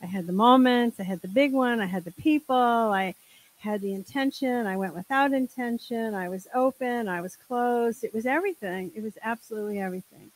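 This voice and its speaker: A woman's voice: a little high, a little fast, low-quality recording. An older woman at a group meeting, speaking candidly and with humor, tossing in exasperated asides while she shares a personal story into a handheld microphone. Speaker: group member sharing.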